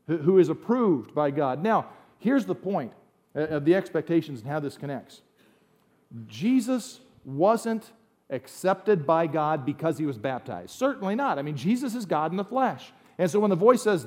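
Middle-aged American male pastor, slightly higher voice, casual sermon delivery with emphatic peaks. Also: a little mellow. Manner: conversational preaching, rising to emphatic bursts.

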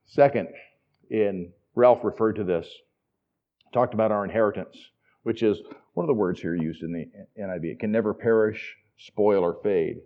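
A man's voice: fairly low pitch, moderate pace, dull audio. A man preaching a sermon in a conversational, enthusiastic teaching manner with asides. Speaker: pastor.

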